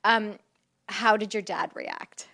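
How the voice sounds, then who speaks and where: A woman hosting a podcast gently probes her guest with questions and steady encouraging murmurs in a casual chat. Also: medium pitch, slow, creaky. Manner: probing, encouraging with frequent mm-hmms. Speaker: podcast host.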